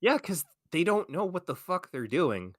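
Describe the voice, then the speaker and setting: A man's voice: fairly high pitch, moderate pace, no echo, clean studio sound. A young man co-hosting a casual stream, reading things out and mocking them with sarcastic, swearing rants. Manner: sarcastic, swearing, animated ranting. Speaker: stream co-host.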